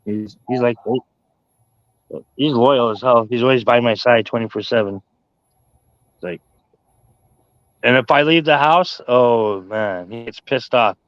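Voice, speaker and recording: A man's voice: mid-range voice, a little slow, pauses often, no echo. Rambling man on a dull, dry recording. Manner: rambling, peppered with "you know". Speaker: dog owner in conversation. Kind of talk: casual chat.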